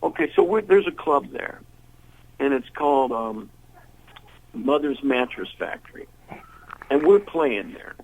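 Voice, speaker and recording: An older man tells long, winding stories about his past, slipping into the voices of the people in them. His voice is gravelly and a little husky. It comes through as a slightly muffled radio interview recording. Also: fairly high pitch, big pitch swings, measured pace, long pauses, darkish tone. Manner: rambling anecdotes, acts out quoted voices. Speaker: blues singer, interview guest. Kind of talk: casual storytelling interview.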